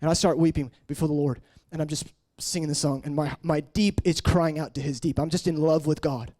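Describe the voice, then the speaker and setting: A man in his late twenties preaching an emotional personal testimony, shifting between hushed murmurs and raised, intense passages. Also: fairly even intonation, a little fast. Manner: earnest, swinging from hushed murmurs to raised, high-pitched intensity.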